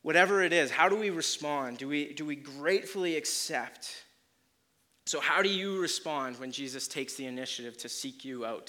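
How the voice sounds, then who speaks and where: A man preaches a sermon, retelling a story with lots of energy and acting out its quotes. His voice is bright and forward, pitched a little high for a man, and it keeps rising and falling in loudness as he presses his points. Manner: animated storytelling, acts out quotes with swings in loudness.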